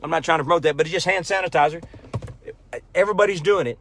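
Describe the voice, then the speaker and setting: A man's voice: on the high side, fast talker, creaky, fairly bright tone. A man chatting casually on a livestream from his pickup at a ranch, rambling and telling jokes. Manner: folksy, rambling joke-teller. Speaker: country singer hosting a livestream. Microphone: phone livestream.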